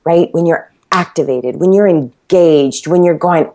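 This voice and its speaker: A woman's voice: on the low side, measured pace, darkish tone. A woman, guest on an interview podcast, telling her story with passion and acting out the things she used to tell herself. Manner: passionate, acts out her own past self-talk and quotes. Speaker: fitness class creator, podcast guest.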